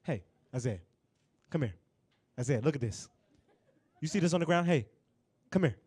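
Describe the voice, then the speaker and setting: A man's voice: fairly high pitch, lively intonation, normal speed, a little mellow, slightly rough, voice pushed down. A man voicing a grumpy, bossy old grandfather who scolds and repeats himself. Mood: nagging. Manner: scolding, repetitive nagging.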